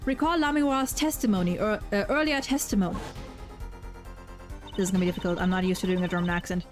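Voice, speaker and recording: A woman's voice: mid-range voice, fast talker. A young woman streaming a game, chatting casually, swearing freely and stumbling over repeated words, with faint game music behind her. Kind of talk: casual gaming commentary while voicing game dialogue.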